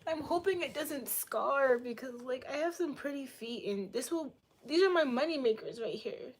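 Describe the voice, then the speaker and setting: A woman's voice: high-pitched, animated, moderate pace, husky. A young woman from Boston, a livestreamer chatting casually with her chat, playful, teasing and crude in her jokes. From Boston, United States.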